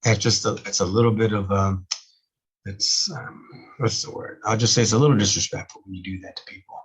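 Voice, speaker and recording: A man with a mixed Texan and Spanish accent talks fairly quickly in a steady, low-leaning, husky voice while losing his voice. He lectures solo on camera indoors, casual and filler-heavy, and the camera mic audio is poor.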